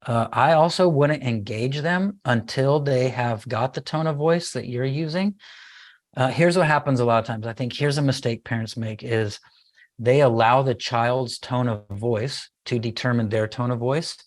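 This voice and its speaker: A middle-aged man speaking as a guest in a podcast interview about parenting, telling a story in an animated way and acting out what he and his child said. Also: mid-range voice, moderate pace.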